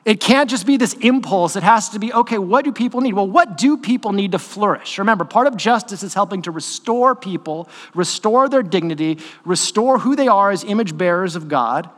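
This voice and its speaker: A man preaching a sermon as pastor, talking in a conversational, animated way with quick asides to the congregation. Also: high voice. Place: church sanctuary. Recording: long hall reverb in a church.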